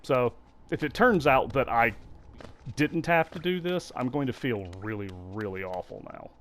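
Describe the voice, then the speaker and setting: A man's voice: mid-range voice, animated, moderate pace, slight background noise. Musing, apologetic male game commentator. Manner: musing, self-deprecating, apologetic. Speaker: let's play host. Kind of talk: casual gameplay commentary.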